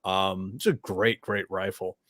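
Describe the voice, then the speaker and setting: A man's voice: deep voice, measured pace, no room sound, studio quality. An American man, a podcast guest, chatting casually and repeating words as he talks. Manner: relaxed, stammers and repeats words. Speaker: podcast guest, veteran and journalist. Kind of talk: casual chat.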